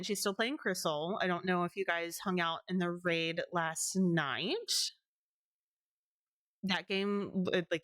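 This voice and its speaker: A young woman wraps up her game stream, talking in loose, rambling chat full of ums and giggles. Her voice sits a little low. The sound is dry and close to the mic. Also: fairly bright tone, no echo. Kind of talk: casual stream wrap-up chat.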